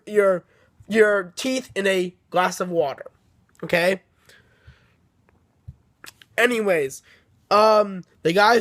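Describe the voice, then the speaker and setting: A man's voice: high-pitched, fairly bright tone. A man casually recapping a story for his viewers, rambling with many restarts and often checking in with "okay?". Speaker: book reviewer.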